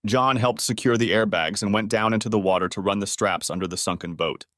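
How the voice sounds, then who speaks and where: A man narrating a family drama story in a steady, scripted storytelling voice. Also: lowish voice, a little fast, no echo, clean studio sound.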